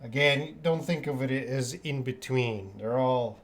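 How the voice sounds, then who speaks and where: A man's voice: mid-range voice, a little slow. A Canadian man teaching English in a live online lesson, answering viewers' questions and repeating key words for learners. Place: living in Korea.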